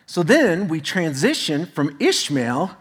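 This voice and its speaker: A man's voice: on the high side, sing-song, takes it slowly, breathy edge. A male pastor preaching a sermon in a conversational way, with asides to the congregation.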